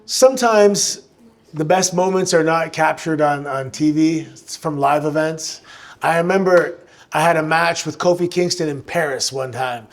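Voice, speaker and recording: A man answering fan questions at a live show, telling animated stories with frequent restarts. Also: fairly high pitch, moderate pace. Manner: animated, chatty storyteller who restarts sentences. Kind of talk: live on-stage storytelling Q&A. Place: live show venue with audience.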